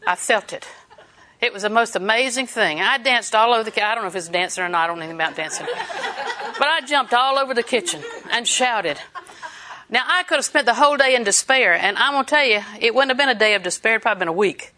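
A woman's voice: on the high side, fast talker, background noise. A woman preaching a sermon, telling stories and laughing as she exhorts. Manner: storytelling, animated, laughs while preaching.

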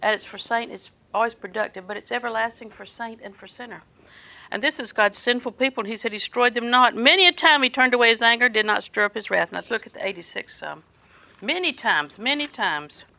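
An older woman preaching a sermon, folksy and storytelling, often dropping her voice soft. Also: medium pitch, brisk, gravelly, low-quality recording.

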